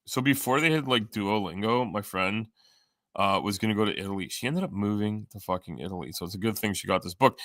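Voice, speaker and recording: A man's voice: fairly low pitch, bright, forceful tone, dry recording, clean studio sound. A man chatting casually on a live stream, reading and answering chat, rambling and joking with frequent swearing and fillers. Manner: many fillers, jumps between topics.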